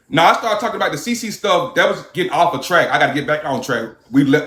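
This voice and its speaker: A man livestreaming, telling a story in an animated, profane way and thanking viewers for their gifts. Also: mid-range voice. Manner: animated, profane storytelling, shouting when worked up. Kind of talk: live-stream storytelling. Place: a hot room. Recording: roomy echo.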